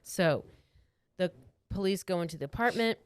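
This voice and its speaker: Expressive and on the low side, this woman's voice keeps a moderate pace with a clean tone and no room sound. She's a podcast co-host casually retelling true crime, full of "like"s and acted quotes.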